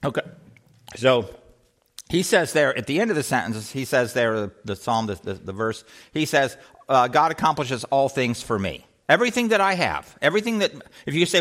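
Lively, questioning man teaching scripture. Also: medium pitch, normal speed. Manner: asks the group questions, repeats words, acts out quotes. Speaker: Bible teacher. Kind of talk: Bible study teaching.

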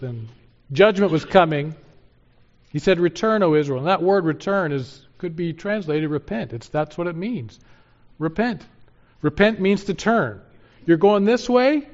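A man preaching a sermon, moving from loud urgent exhortation to hushed, earnest pleading. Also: fairly high pitch. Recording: dull sound with long hall reverb.

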